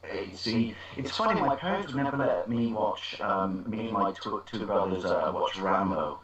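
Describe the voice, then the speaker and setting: A man's voice: lowish voice, lively intonation, normal speed, fairly bright tone, a little hiss or hum. A man co-hosting a casual film chat, rambling through stories with many restarts. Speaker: podcast co-host. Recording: dull roomy home recording.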